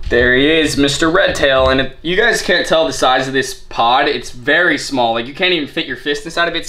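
A man hosting an aquarium fish vlog, hyped and casual, calling his viewers ladies and gentlemen and saying freaking a lot. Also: on the high side. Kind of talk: excited hobby vlog.

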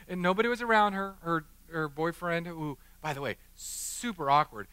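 Bright, high-voiced joking pastor. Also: male voice, fairly quick, no echo. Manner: animated, joking, acts out the people in his stories. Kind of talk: sermon with storytelling. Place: church chapel.

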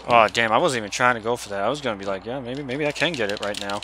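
A young man giving casual gameplay commentary, excitable and swearing as he yells at the game. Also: medium pitch, very fast, a little hiss or hum. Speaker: gamer.

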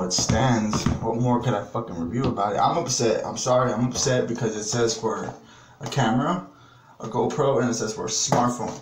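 Brief: man vlogger, foul-mouthed and fed up, rambling review taped in a small bathroom with echo and background hiss. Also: medium pitch. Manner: profane, exasperated rambling. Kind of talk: casual product review vlog. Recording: echoey bathroom with background noise.

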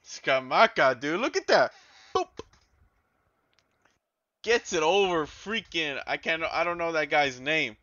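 Guy freaking out over his soccer game, high voice swinging all over, bright and dry, swears a lot, kinda dull lo-fi mic. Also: takes it slowly, pauses often, no room sound. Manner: excitable, swearing, yells at his players. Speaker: gaming YouTuber. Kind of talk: live gameplay commentary.

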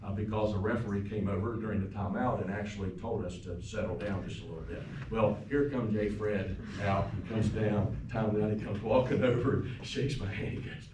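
A pastor with a fairly low voice, delivering a eulogy in a funeral home chapel. He tells stories about the man who died and sometimes drops to a soft, quiet tone. The sound is roomy and picked up from a distance. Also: normal speed, very noisy. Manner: storytelling, warm anecdotes, turns soft and quiet at times. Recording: echoey room from far off.

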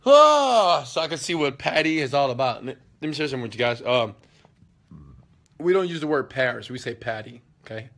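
A man's voice: mid-range voice, fast talker, fairly bright tone. A man hosting a casual live motivational talk, answering viewer questions in an emphatic, preachy way, firing off rhetorical questions and slangy asides. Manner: emphatic and preachy, often checks in with "okay?".

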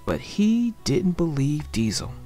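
A woman reading a children's story aloud with an expressive, gentle storybook delivery. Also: deep voice, slow pace, faint music behind.

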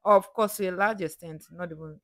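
A woman's voice: lowish voice, fairly even intonation, fairly bright tone, no echo. A young woman from Africa reading comments aloud and chatting about them in a reflective, casual way. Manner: chatty, reflective, reads quotes slowly then comments. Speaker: reaction video host.

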